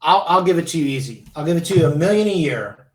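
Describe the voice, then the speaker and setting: A man's voice: on the high side, expressive, fast talker, reverberant, rough recording. A man who is a guest in a casual chat, laid-back and joking, swearing freely. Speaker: podcast guest.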